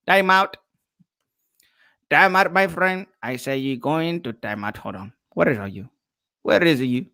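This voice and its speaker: A man hosting a casual live-stream chat who jokes, teases and laughs a lot. His voice is high and bright. He speaks at an unhurried pace. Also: sing-song. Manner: joking, laughing, teasing. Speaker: boxing podcast host.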